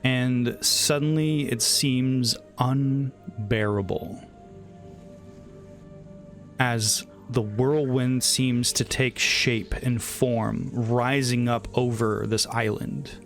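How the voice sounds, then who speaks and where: A man narrating a tabletop game as game master, setting scenes in a slow, measured way. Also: mid-range voice, fairly even intonation. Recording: home mic with faint background music.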